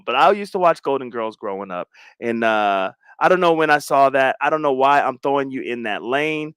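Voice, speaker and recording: A man hosting a casual livestream chat, slangy and animated, repeating phrases and dropping into mumbled asides. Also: medium pitch, clear, resonant tone, no echo, studio quality. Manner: animated, swings between loud and mumbled asides. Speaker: livestream host.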